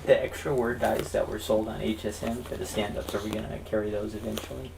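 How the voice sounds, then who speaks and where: A man's voice: on the low side, level tone, fast talker, vocal fry, darkish tone, a little hiss or hum. A man reading viewer questions aloud to the host in a plain, matter-of-fact way.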